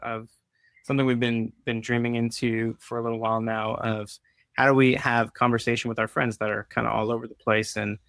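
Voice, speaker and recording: A man's voice: mid-range voice, level tone, a little fast, vocal fry, a bit bright, clear, resonant tone, no room sound. Guy hosting a loose live chat, rambly and jokey, mid voice, dry close sound. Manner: easygoing, rambling, joking. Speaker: podcast co-host. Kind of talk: casual live-stream chat.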